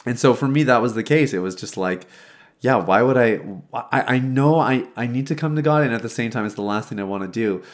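A man's voice: medium pitch, a little fast. A man in his thirties telling a personal recovery story in a reflective, conversational way, with frequent restarts, recorded in his old childhood bedroom. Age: 30s. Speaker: faith-based recovery speaker.

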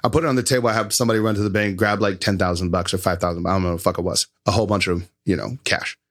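A man talking casually about advertising as a guest, in a loose, animated and profane storytelling manner. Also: low voice, very fast. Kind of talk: casual explanatory talk.

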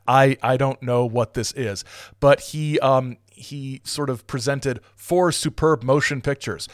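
A man's voice: medium pitch, unhurried, no echo, clean studio sound. Chatty man musing with lots of ums. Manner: rambling, digressive, lots of fillers and restarts. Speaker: podcast host. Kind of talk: casual commentary with read-aloud passages.

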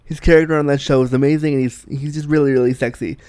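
A man's voice: mid-range voice, steady tone, quick pace, darkish tone, clear, resonant tone, dry recording. A man hosting his own vlog, talking in a chatty, enthusiastic way with frequent restarts. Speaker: vlog host. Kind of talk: casual personal monologue.

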